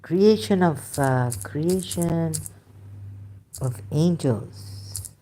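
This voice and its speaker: A woman giving halting, emotional religious commentary, searching aloud for verses and near tears at times. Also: deep voice, animated, dark tone, a little hiss or hum. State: close to tears.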